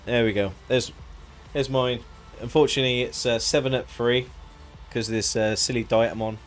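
A man's voice: mid-range voice, steady tone, normal speed, soft background music. A man chatting casually on a live game stream, joking, laughing and thanking viewers by name.

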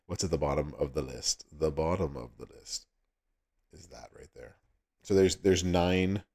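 A man's voice: extremely low pitch, a little slow, warm tone. A man with a Southern US accent hosting a livestream, chatting casually with viewers and laughing often. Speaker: livestream host.

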